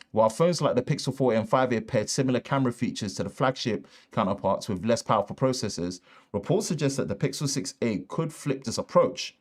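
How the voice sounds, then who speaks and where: A man with a Northern English accent hosting a live tech show, reading the news loosely with asides and restarts, recorded on a shotgun mic in a treated home studio. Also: mid-range voice. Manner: casual, rambling, reads news with asides and restarts. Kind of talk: live-stream tech chat.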